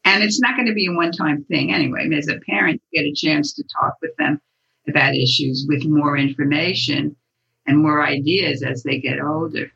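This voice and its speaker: An older woman, a guest author and activist, giving thoughtful, measured answers in an interview. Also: sits low, vocal fry, a bit bright, slightly rough. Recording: dull lo-fi sound.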